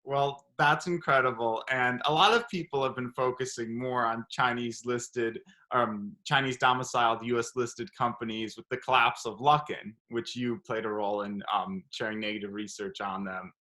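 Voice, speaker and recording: Male host asking careful questions, bright forward voice. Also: medium pitch, steady tone, moderate pace, hardly any pauses. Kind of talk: interview questions.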